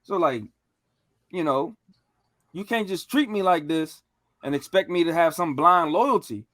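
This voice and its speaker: Animated high-voiced man telling stories. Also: measured pace, no room sound, studio quality. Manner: animated storytelling with slang and profanity. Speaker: podcast co-host. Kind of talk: casual podcast chat.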